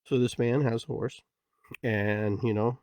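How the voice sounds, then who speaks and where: A man's voice: medium pitch, steady tone, a little slow, a little mellow, no echo. Rambling reflective man, dry close sound. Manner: rambling, many "you know" fillers. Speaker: podcast host. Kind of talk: casual reflective storytelling.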